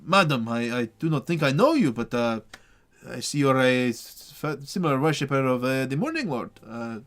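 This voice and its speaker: A man voicing a meek, earnest male priest in a tabletop game, speaking haltingly with frequent stammers. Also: medium pitch, expressive, a bit bright, close to an everyday voice. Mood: hesitant.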